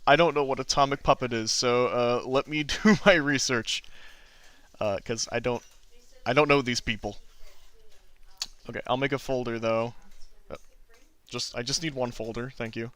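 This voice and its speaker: A man with a bright, crisp voice chats casually while he draws and answers viewers' questions. He is easygoing and self-deprecating, and he chuckles often. The sound is dry and close, with no room echo. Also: medium pitch, steady tone, moderate pace, long pauses. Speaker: artist streaming drawing requests and Q&A. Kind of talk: casual livestream chat.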